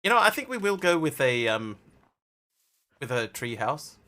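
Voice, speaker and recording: A man's voice: a little high, big pitch swings, moderate pace, pushed and bright. A man live-streaming a game, chatting casually and jokily with his viewers as he plays. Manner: rambling, jokey, chatty with viewers. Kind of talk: casual live-stream chat while playing.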